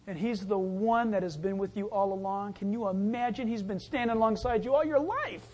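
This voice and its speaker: A man's voice: high-pitched, fairly quick, darkish tone. A man preaching a sermon, telling stories in a loose, chatty way and acting out the voices in them. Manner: conversational storytelling with acted-out voices. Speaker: pastor.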